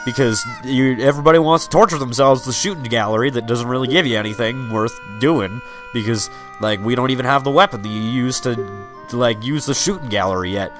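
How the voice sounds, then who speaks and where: A man's voice: mid-range voice, fairly quick, music in the background. A young man rambling and joking through a game in casual gameplay commentary. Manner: rambling, joking, many fillers. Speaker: let's player.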